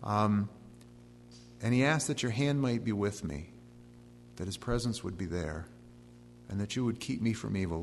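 A man's voice: lowish voice, normal speed, long pauses. A middle-aged man preaching a verse-by-verse sermon. He reads long lists of names and breaks in with folksy, joking asides. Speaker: pastor. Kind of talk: expository sermon. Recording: long hall reverb with faint hum.

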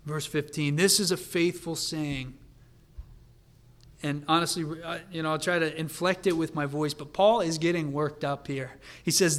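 A man preaching a sermon in an earnest way, dropping to a quiet, confiding tone and then building to a fervent pitch. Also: fairly even intonation, moderate pace. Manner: earnest, swings from hushed to fervent.

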